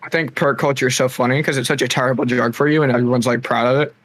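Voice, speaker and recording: A man's voice: mid-range voice, fairly even intonation, rapid-fire, a bit bright. A young man co-hosting a podcast, joking crudely in casual chat and laughing a lot. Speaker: podcast co-host.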